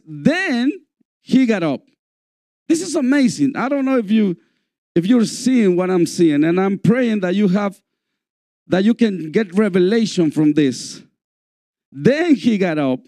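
A man preaching a sermon in a church, slow and repetitive, calling out for amens. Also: high-pitched, warm tone, no echo, studio quality. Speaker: pastor.

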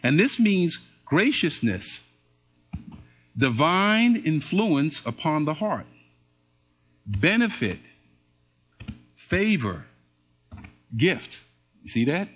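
Husky, lively-voiced male preacher. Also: a little high, very slow, long pauses. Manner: call-and-response, asks congregation to repeat and answer. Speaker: pastor. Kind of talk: sermon. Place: church service with congregation.

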